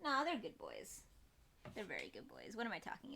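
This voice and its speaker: A young woman streaming live, chatting in a rambling, expressive way to her viewers. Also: medium pitch, normal speed, vocal fry, slight background noise. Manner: chatty, rambling and expressive, with laughs and quoted voices. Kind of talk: casual live-stream chat.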